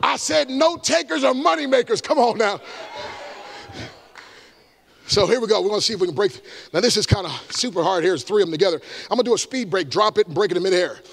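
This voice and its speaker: A man, an evangelist giving an energetic motivational talk to a live audience, with shouted call-and-response. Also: high-pitched, fast, creaky. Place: large room before a live audience.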